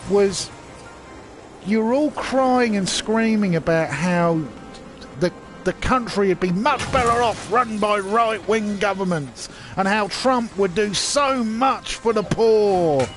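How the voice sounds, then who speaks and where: A man's voice: high-pitched, slow, music in the background. A man ranting to his viewers in a rambling, sarcastic way, full of restarts and fillers. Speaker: channel host. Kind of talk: casual rant to camera.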